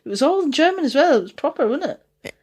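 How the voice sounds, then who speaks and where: A Scottish woman from Dundee, whose Dundonian accent carries a touch of Geordie, co-hosts a podcast with casual, sweary, rambling chat and frequent laughter. Her voice is high and darkish, swinging widely in pitch as she talks fast.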